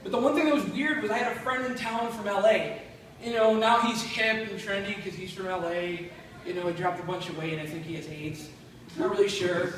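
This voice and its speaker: A man's voice: high-pitched, fairly quick, fairly bright tone. Echoey stand-up man from Buffalo. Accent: Western New York. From Buffalo, New York. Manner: self-deprecating, blunt, crude punchlines. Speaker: stand-up comedian. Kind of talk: stand-up set. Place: comedy club stage. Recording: very echoey room from far off, faint noise.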